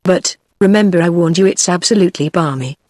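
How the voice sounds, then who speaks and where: A woman's voice: lowish voice, fairly quick, a little mellow, no echo, clean studio sound, natural voice. Earnest flustered young man, read by a synthetic British woman. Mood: pleading. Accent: British English. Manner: earnest, pleading.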